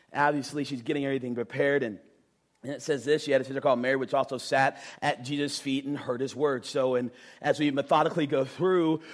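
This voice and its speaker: A man preaching a sermon, talking emphatically with casual jokes and frequent asides to the crowd. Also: fairly high pitch. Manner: animated, emphatic, jokey, talks to the crowd with "right?".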